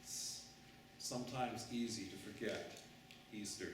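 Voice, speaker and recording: Slow dramatic preacher, echoey room. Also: male voice, on the low side, background noise. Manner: dramatic, unhurried storytelling. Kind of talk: storytelling sermon. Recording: echoey room, mic far off.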